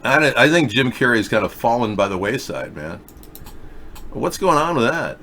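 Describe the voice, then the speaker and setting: A middle-aged man hosts a loose live video chat show, joking and rambling off on sarcastic tangents. His voice swoops up and down, lively and animated, with a faint hum of noise behind it. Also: medium pitch, moderate pace. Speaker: talk show host reading viewer chat.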